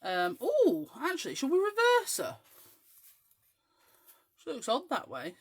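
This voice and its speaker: A woman's voice: sits high, huge pitch swings, measured pace. A woman in her forties from the west of Scotland, with an English accent that keeps a faint Scottish twang. She hosts a crafting show and chats in a rambling way, full of ums, as she works. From west coast of Scotland. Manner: chatty, rambling, with frequent ums. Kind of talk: casual chat while crafting.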